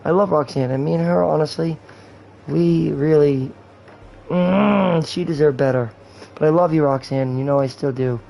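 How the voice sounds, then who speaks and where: A man's voice: fairly high pitch, normal speed, vocal fry, warm tone, low-quality recording. A man in his twenties talking in a rambling, candid way and swearing often, while hosting a gaming livestream. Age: 20s. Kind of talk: rambling casual chat.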